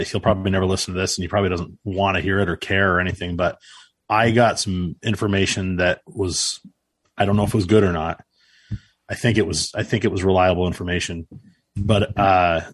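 A man's voice: sits low, no room sound. A man co-hosting a podcast, telling rambling, self-deprecating stories in casual chat. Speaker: podcast co-host. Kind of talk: casual storytelling.

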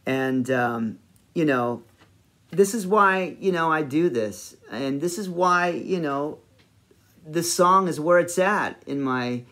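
A man's voice: a little high, takes it slowly. Rambling man telling a personal story. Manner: animated, rambling, many fillers. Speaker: podcast host.

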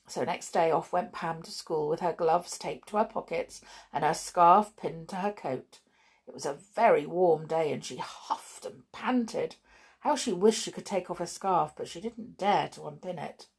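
A woman reading a children's story aloud in an animated, expressive way, with a few fillers. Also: on the low side, husky.

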